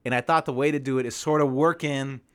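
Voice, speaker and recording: A man co-hosting a casual sports podcast, talking quickly, repeating himself and laughing often. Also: medium pitch, steady tone, a bit bright, smooth. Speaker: podcast co-host.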